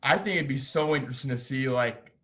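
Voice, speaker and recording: A man hosting a casual sports podcast, talking in an excitable, rambling, self-deprecating way. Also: mid-range voice, brisk. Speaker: podcast host.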